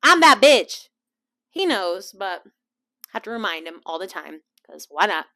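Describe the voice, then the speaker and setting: A young woman hosting her own podcast, chatting casually about a trip, animated and laughing, acting out other people's lines. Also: lowish voice, moderate pace. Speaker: podcast host. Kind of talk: casual storytelling chat.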